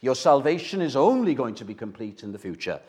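A man's voice: medium pitch, very animated, a little fast, darkish tone, husky. Older male preacher, emphatic and direct, repeats lines for weight, asks the congregation questions. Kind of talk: sermon.

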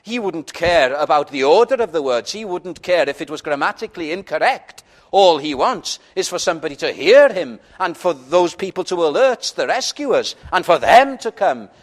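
A man preaching a sermon, earnest and pleading, often dropping to a quiet, intimate tone. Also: on the high side, sing-song, moderate pace, hardly any pauses.

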